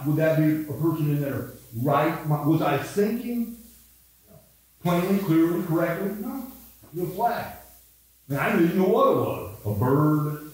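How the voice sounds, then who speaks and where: A man in his seventies with a Midwestern American accent, a pastor telling rambling, self-mocking stories in a casual Bible study. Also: a little high. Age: 70s. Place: church room. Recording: echoey room, mic far off.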